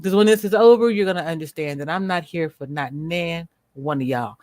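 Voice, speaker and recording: A woman hosting a livestream, speaking bluntly and with profanity as she rants at viewers, slowing down to stress her words. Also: on the low side, a little mellow, no room sound, clean studio sound. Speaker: livestream host. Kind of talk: unscripted livestream commentary.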